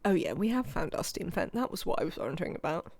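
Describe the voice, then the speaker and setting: UK game streamer, live let's-play: chatty, thinks out loud and talks to the characters, with an animated pitch and a bit of gravel. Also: fast. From United Kingdom.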